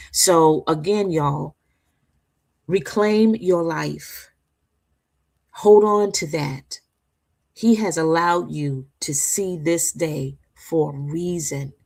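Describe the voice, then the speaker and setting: A woman with a slightly low voice delivers an inspirational faith talk to her listeners. She preaches in a loose, conversational way, repeating herself for emphasis and checking in with "right?" Her manner is warm-hearted encouragement rather than formal sermon. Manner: emphatic, repetitive, seeks agreement with "right?". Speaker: talk show co-host.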